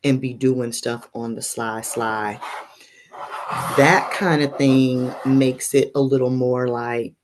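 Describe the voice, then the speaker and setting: Low voiced woman cohost, aave, takes her time, gossipy candid stories. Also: fairly even intonation, takes it slowly, noisy background. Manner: candid, storytelling, drops to a whisper for gossip. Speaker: podcast co-host. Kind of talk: casual chat.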